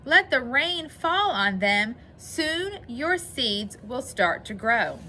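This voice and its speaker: A woman voicing a calm, wise male frog who patiently explains things in a storybook read-aloud. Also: sits high, slow, slight background noise, pitched above the performer's own voice, full character voice.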